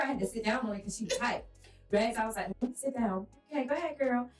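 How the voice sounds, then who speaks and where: A woman's voice: fairly high pitch, quick pace, roomy sound, far from the mic, faint music behind, low-quality recording. Emphatic woman co-hosting a faith podcast. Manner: emphatic, preacherly, animated storytelling. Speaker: podcast co-host. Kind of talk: faith-based casual podcast talk.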